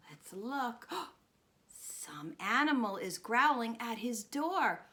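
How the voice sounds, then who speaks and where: A woman speech teacher reading a guessing picture book to young children, animated and encouraging, with gasps and drawn-out words. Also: fairly high pitch. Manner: coaxing and encouraging, asking children questions.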